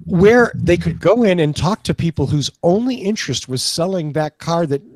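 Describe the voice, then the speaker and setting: A man's voice: on the high side, animated, moderate pace, darkish tone, no echo. A man co-hosting a podcast, chatting casually and joking, with hesitant restarts. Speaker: podcast co-host. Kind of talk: casual chat.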